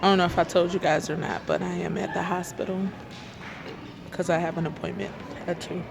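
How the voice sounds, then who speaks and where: A woman vlogging from a hospital library, retelling a frustrating appointment in an animated, exasperated way and acting out the dialogue. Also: fairly low pitch, brisk, gravelly, noisy background. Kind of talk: storytime vlog. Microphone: self-filmed camera.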